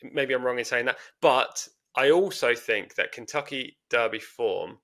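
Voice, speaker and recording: A man in casual podcast chat, working through race form point by point and hedging his calls. His voice is bright and forward at a middling pitch, and his talk is analytical and measured. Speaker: podcast co-host. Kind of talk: casual horse racing preview chat.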